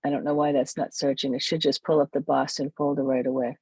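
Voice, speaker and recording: Gravelly presenter walking through software. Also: medium pitch, little pitch movement, fast talker, no room sound. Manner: thinks aloud, self-correcting while demonstrating. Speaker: camera club workshop presenter. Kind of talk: casual software walkthrough.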